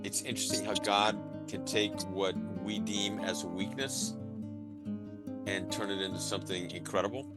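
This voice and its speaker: A man hosting a podcast interview, speaking reflectively and slowly with restarts. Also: lowish voice, steady tone, over loud music. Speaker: podcast host. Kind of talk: casual interview chat.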